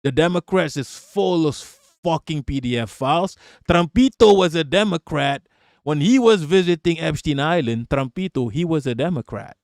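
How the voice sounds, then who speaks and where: A man hosts a live political stream, ranting, swearing, and talking back to chat. His voice sits slightly high for a man and is a little mellow, at normal speed. The recording is dry and close, with no room sound.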